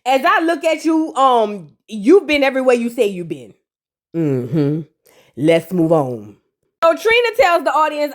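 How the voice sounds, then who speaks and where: A woman with a bright, high voice runs through a reality TV episode in a loose, comedic recap. She is sassy and chatty, slipping into the voices of the people she quotes as she tells it. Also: sing-song, moderate pace. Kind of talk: casual comedic recap commentary.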